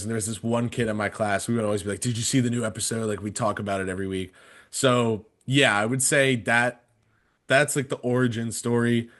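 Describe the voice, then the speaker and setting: A man's voice: mid-range voice, a bit bright. A man in his twenties casually telling a story on a podcast, rambling with many fillers and restarts. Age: 20s. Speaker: podcast panelist.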